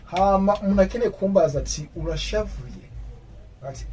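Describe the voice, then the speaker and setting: A man teaching an English grammar lesson, explaining in his own language and repeating English example sentences slowly. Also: high-pitched, warm tone, distant mic, a little hiss or hum, poor audio.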